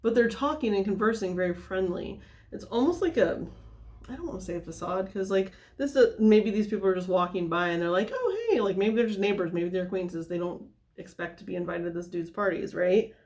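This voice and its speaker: A woman's voice: medium pitch, brisk, darkish tone. A woman giving a casual tarot reading, talking in a loose, rambling way full of fillers and tangents. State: somewhat out of breath. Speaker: tarot reader.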